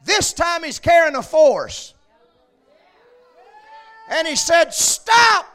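A man preaching a sermon, swinging between shouted peaks and quiet asides. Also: very high voice, lively intonation, slow, a faint crowd.

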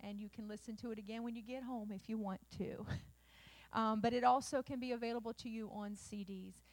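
High-voiced folksy woman preacher. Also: steady tone, a little fast, a little mellow. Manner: folksy storytelling preacher, many fillers, building to emphatic peaks. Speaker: pastor. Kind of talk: sermon.

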